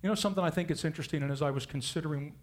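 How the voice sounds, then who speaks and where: A man's voice: fairly high pitch, racing. A man preaching a sermon, retelling Bible stories in a casual, conversational way and acting out the characters' lines. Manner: storytelling, acts out biblical characters in casual modern speech.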